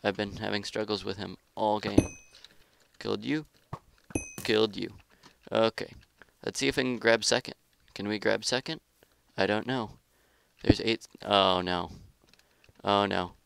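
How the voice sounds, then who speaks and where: A man with a lowish, gravelly voice calls out his own match as he plays. He is excitable, taunts opponents and grumbles about lag in casual gameplay commentary. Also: unhurried. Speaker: gaming YouTuber.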